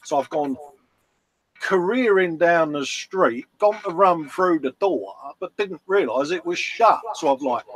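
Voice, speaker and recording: A man's voice: on the high side, lively intonation, measured pace, fairly bright tone, a little hiss or hum, low-quality recording. English bloke, guest, bouncy up-and-down voice, laughs through his stories. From England. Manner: jokey, laughing storyteller. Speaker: guest on a live stream. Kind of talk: casual banter.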